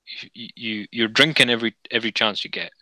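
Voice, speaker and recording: A man's voice: mid-range voice, steady tone, quick pace, sharp tone, no echo, rough recording. A man in a casual podcast chat, opinionated and sweary as he rants.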